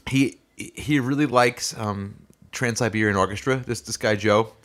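A man's voice: lowish voice, measured pace, fairly bright tone. A man co-hosting a podcast, chatting loosely with lots of fillers and restarts. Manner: rambling, frequent fillers and restarts. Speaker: podcast co-host and musician. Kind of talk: casual podcast chat.

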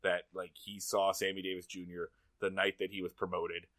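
A man co-hosting a podcast, recapping a TV episode in casual, profane banter and acting out lines in loud put-on voices. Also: deep voice, normal speed, dry recording. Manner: animated, acts out quotes in loud voices, profane. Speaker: podcast co-host.

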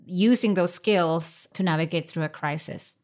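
A woman's voice: fairly low pitch, moderate pace, a little mellow. A woman hosting a podcast, chatting casually, asking questions and chiming in. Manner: conversational, asks questions and chimes in. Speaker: podcast host.

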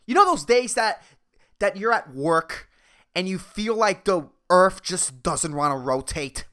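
Woman podcast host, solo comedic rant, foul-mouthed, very animated delivery. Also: mid-range voice, measured pace. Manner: profane, ranting, exasperated; rambling, with restarts and filler.

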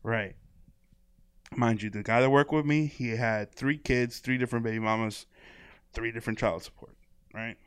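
A man's voice: mid-range voice, steady tone, moderate pace, pauses often, clean tone, no room sound, studio quality. A man in casual podcast chat, telling stories with lots of laughter and acted-out quotes. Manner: laughing storyteller, acts out quoted voices. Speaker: podcast guest.

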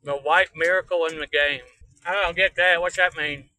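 Driving on a live stream, a man with a rural Kansas drawl performs a crude, rambling hillbilly tour-guide comedy bit full of mock-folksy jokes from inside his car. His voice sits on the high side, steady and sharp at a moderate pace, and the rough recording carries slight background noise.

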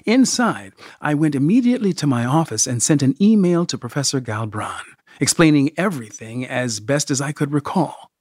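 A man narrating a first-person story in a measured, expressive audiobook style. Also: fairly high pitch, dry recording, clean studio sound.

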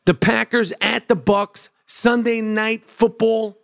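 A man's voice: sits high, steady tone, slow, creaky. A man giving a brash, profane football opinion rant with swaggering trash talk. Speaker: sports commentator.

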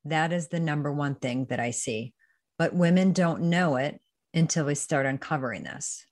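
A woman's voice: deep voice, normal speed, darkish tone. A woman wellness coach, a guest on a podcast, talking in a chatty and earnest way. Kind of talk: casual interview chat.

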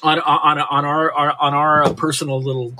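A man's voice: on the high side, level tone, normal speed, pushed and bright, a little hiss or hum. An older man from Reno, a punk musician guest, talking casually in a podcast interview with many restarts and "you know"s. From Reno, Nevada, USA.

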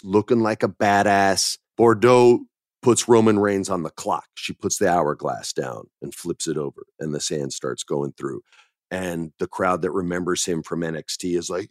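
A man's voice: sits low, no room sound, clean studio sound. A man hosting a podcast, telling stories in a laid-back casual chat, dropping dude and man. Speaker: podcast host.

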